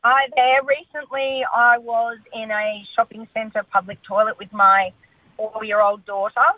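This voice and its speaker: A woman's voice: a little high, level tone, unhurried, no room sound. Woman caller on a tinny phone line.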